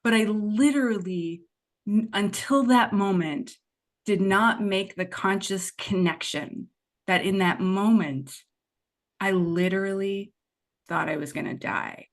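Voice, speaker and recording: A woman's voice: medium pitch, slow. A woman guest on a podcast telling a personal story candidly and expressively, wandering off into side remarks as she goes. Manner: expressive, digressive storyteller who acts out her past self. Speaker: podcast guest, money mindset and tapping coach.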